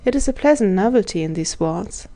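A woman reading the part of a proud, courtly old gentleman prisoner in a storybook, speaking in old-fashioned formal phrases. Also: mid-range voice, lively intonation, fairly quick, natural voice. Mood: courteous. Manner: archaic courtly speech.

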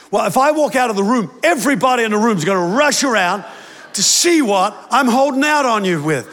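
Emphatic preacher in a reverberant hall. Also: male voice, animated. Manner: emphatic preaching, quick shifts to louder, higher lines. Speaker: pastor. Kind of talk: sermon.

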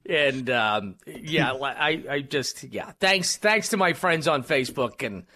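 Bright, high-voiced talk radio host. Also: male voice, lively intonation, measured pace. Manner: rambling, self-deprecating, many fillers and restarts. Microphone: studio microphone.

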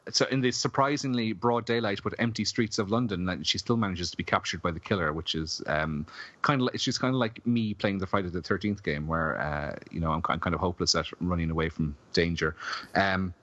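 Deep-voiced man rambling through a review. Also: a little fast, fairly bright tone, no room sound. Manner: rambling, filler-heavy, jokey. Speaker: podcast co-host, film reviewer. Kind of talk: casual chat. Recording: dull lo-fi dry podcast audio.

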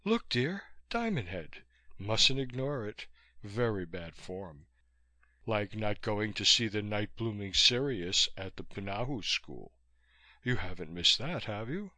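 A man's voice: lowish voice, very animated, takes it slowly, sharp tone, no echo, exaggerated voice. A man voicing a chatty, gushing former musical-comedy actress who calls everyone dear.

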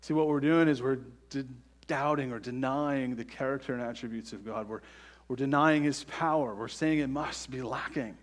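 A man's voice: mid-range voice, moderate pace. A man preaching a sermon earnestly, often checking in with the congregation by asking "right?". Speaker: pastor.

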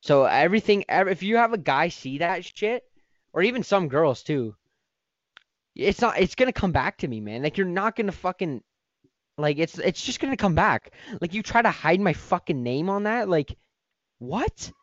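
A man's voice: sits high, big pitch swings, moderate pace, no echo, muffled recording. A man hosting a podcast, ranting in a heated, profane, rambling way. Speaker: podcast host. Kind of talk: casual podcast rant.

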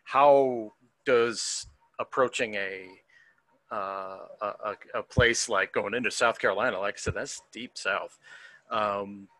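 An American man hosting a podcast, relaxed and easy to laugh in casual chat. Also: fairly low pitch, takes it slowly, no room sound. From United States. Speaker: host.

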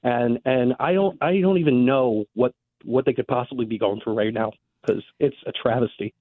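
A man calling in to a radio talk show, talking earnestly and getting emotional, with halting restarts. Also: medium pitch, dry recording. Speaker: caller. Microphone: phone. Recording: tinny phone line.

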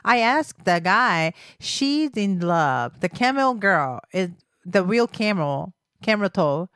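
A woman's voice: medium pitch, lively intonation, slow pace, a bit bright, no echo, studio quality. A woman co-hosting a casual chat show, a giggly, rambling storyteller with a nasal voice. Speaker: podcast co-host.

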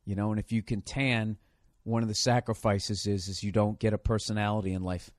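A man's voice: lowish voice, level tone, fairly quick, dry recording. A man hosting a solo podcast, rambling in a sarcastic, profanity-heavy rant. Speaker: podcast host.

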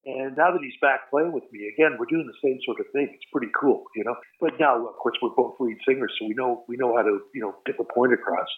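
A man's voice: medium pitch, quick pace, few pauses. An older male musician telling rambling stories about his career in a casual interview, laughing at himself. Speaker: guest musician. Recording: tinny phone-line audio.

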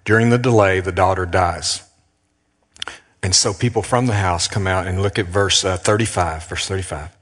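A man preaching a sermon as a pastor, earnest and emphatic, slowing down with dramatic pauses. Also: low voice, fairly even intonation, fairly bright tone, long reverb tail.

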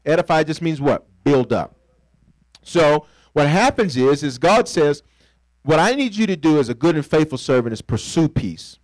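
A pastor with a slightly high, mellow voice and lively intonation preaches at a normal speed in a conversational, playful style. He has the congregation fill in the ends of his lines and acts out little scenes. The recording is rough but has no echo.

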